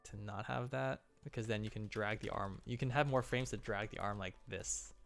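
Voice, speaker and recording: A man's voice: fairly low pitch, moderate pace, creaky, a bit bright, soft background music. A man casually breaking down animation on a stream, enthusiastic with playful exclamations.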